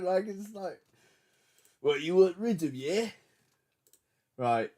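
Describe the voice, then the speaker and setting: Excitable man streaming beat production. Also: on the high side, a little slow, pauses often. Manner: excitable, jokey, slangy banter. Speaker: livestream music producer. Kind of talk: casual livestream chat.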